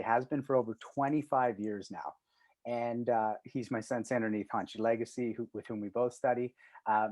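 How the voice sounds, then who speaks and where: A man's voice: mid-range voice, a little mellow, dry recording. A middle-aged man co-hosting a martial arts talk show over a video call, earnest and rambling, swearing freely. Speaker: podcast co-host. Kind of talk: casual chat.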